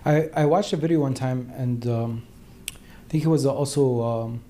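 A man with a mellow, dark-toned voice at an ordinary pitch, speaking hesitantly and feeling his way through a thought. Fillers and restarts pepper his talk in a relaxed podcast chat. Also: normal speed, slight background noise. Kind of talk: podcast conversation.

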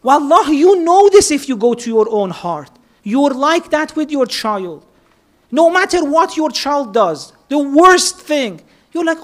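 A woman's voice: high voice, big pitch swings, a little slow. A woman giving an earnest, story-driven religious talk, building each account step by step and dropping in Persian and Arabic words. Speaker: religious speaker.

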